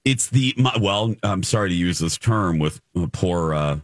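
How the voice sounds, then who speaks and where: A man's voice: low voice, animated, moderate pace, no echo, studio quality. A man in his forties, a radio co-host, telling a personal story in casual chat and acting out the quotes. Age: 40s.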